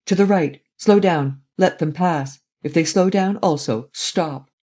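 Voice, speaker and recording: A man's voice: on the high side, measured pace, a little mellow, pitched above the performer's own voice. A man voicing a wary, threatening German count in a read-aloud story, speaking in curt, growled orders.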